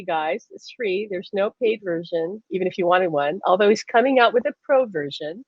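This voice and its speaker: A woman hosting a live stream, telling stories in a lively, casual way and laughing often. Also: medium pitch, moderate pace, few pauses, slightly rough, no room sound. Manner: animated storyteller, laughs often. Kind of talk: casual chat. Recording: dull lo-fi stream audio.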